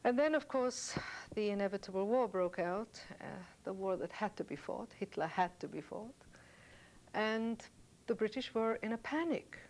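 A woman's voice: medium pitch, animated, normal speed, a little mellow, low-quality recording. Older woman telling wry anecdotes. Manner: wry, anecdotal, laughs at her own tales. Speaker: singer telling stories between songs. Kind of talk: reminiscing storytelling.

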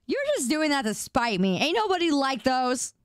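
A woman's voice: high voice, big pitch swings, normal speed, dry recording, studio quality. A young woman streaming live, chatting playfully and teasing her viewers while she eats. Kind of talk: casual live-stream chat.

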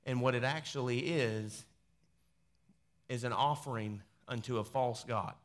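A pastor reading scripture aloud in a sermon, breaking off into quieter conversational asides. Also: male voice, mid-range voice, a little slow. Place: church sanctuary.

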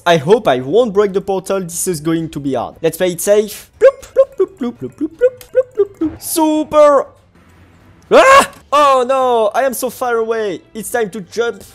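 Excitable gamer, voice jumps all over, slow easy delivery, faint music behind. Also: mid-range voice. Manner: excitable, exclaiming and laughing often. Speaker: gaming channel host. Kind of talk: Minecraft gameplay commentary.

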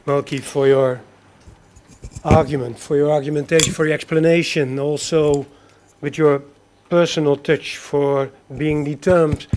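Man, rector type, courteous and measured, slightly higher voice. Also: darkish tone, slight background noise. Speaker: rector hosting a lecture. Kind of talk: formal academic remarks. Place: lecture hall.

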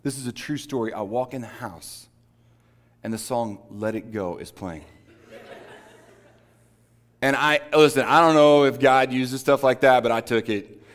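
A man's voice: mid-range voice, measured pace, pauses often. A man preaching a sermon, telling a personal story in a conversational way that builds to emphatic preaching. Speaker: pastor.

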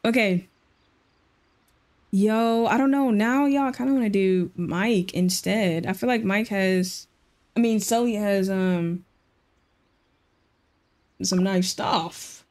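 A woman live streamer chatting casually and excitedly with her viewers while she plays, using lots of slang. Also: medium pitch, takes it slowly, long pauses.

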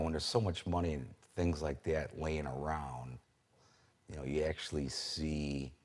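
A man's voice: very deep voice, a little mellow, slightly rough. A male trader speaking bluntly and wryly in a documentary interview.

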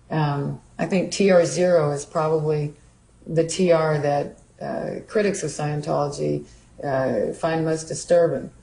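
A woman calmly explaining and demonstrating training drills, speaking plainly with frequent fillers. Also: sits low, poor audio. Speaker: student and narrator.

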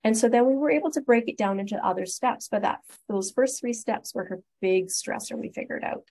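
A woman's voice: a little high, a little fast, mellow, poor audio. A Canadian woman presenting a webinar as a respiratory therapist, upbeat and encouraging, walking through steps one at a time. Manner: upbeat, encouraging, explains step by step. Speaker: guest speaker, respiratory therapist.

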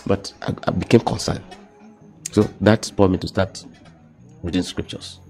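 Deep-voiced Nigerian man telling his testimony. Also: steady tone, soft background music. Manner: halting, repeats words, drops into quiet emotional tones. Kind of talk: personal testimony in casual conversation.

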